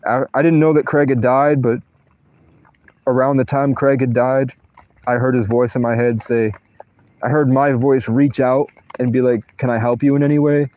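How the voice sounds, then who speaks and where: A man's voice: medium pitch, fairly even intonation, measured pace, lo-fi sound. A man livestreaming from a tent in a thunderstorm, rambling through personal stories with profanity and unfinished sentences. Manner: meandering, profane, trails off mid-sentence. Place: inside a tent during a thunderstorm.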